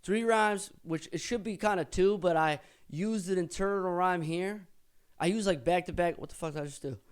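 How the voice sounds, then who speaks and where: His voice sits high and smooth, at normal speed, as this man, older than he was, explains his own rap lyrics. It's a casual, profane explanation with rapped excerpts, and he thinks out loud, correcting himself repeatedly.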